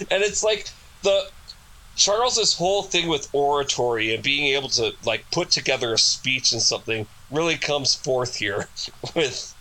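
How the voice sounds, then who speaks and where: A man co-hosting a casual book discussion, animated and laughing often. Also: mid-range voice, moderate pace, poor audio. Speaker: podcast co-host.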